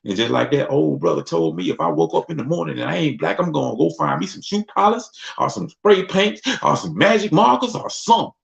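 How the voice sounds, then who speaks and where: A man's voice: a little high, lively intonation, fairly quick, creaky, few pauses. A man from Mississippi hosting a casual talk show, speaking loosely and slipping into voices to act out other people. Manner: loose, conversational, acts out voices. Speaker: host. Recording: dull lo-fi sound.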